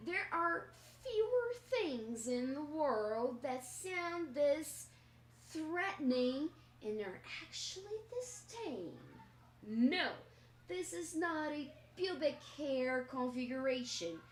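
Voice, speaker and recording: A woman teaching English in a live stream, explaining slowly and checking in with her viewers. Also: high voice, lively intonation. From Brazil. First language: Portuguese. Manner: slow, explanatory, checks in with "okay?". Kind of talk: live-stream language lesson. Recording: echoey room, faint noise.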